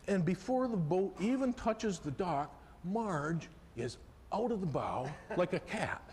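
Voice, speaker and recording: A middle-aged man telling a personal fishing story on a festival stage, folksy and animated, swinging from hushed to loud excitement. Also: high-pitched, slight background noise. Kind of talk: live storytelling performance. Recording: live hall recording with long reverb, faint ambience.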